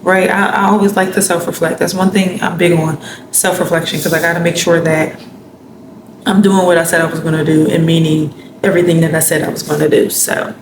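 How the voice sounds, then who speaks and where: A woman's voice: fairly low pitch, level tone, a little fast. A woman hosting a solo podcast in a chatty, heartfelt way, talking straight to her listeners. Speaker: podcast host. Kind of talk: solo casual podcast talk. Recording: echoey room with audible background noise.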